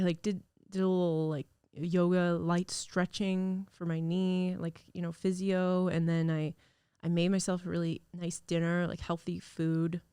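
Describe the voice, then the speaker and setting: Recovering from an illness, a young woman hosts her podcast solo in a studio, chatting casually and rambling with lots of fillers. Her voice is lowish, darkish, clear and resonant, captured in a dry recording.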